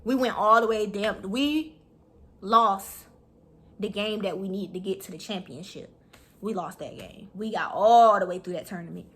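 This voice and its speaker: A young woman telling a story to her viewers in a blunt, profane, animated way. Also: mid-range voice, moderate pace, breathy edge. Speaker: vlogger. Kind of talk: storytime vlog.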